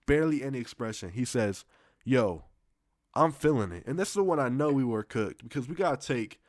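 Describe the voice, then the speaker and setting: Young guy, casual storytime, slangy and rambling, medium pitch, dead-dry close sound. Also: animated, fast talker, darkish tone, no echo. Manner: loose, slangy, profane, rambling with restarts.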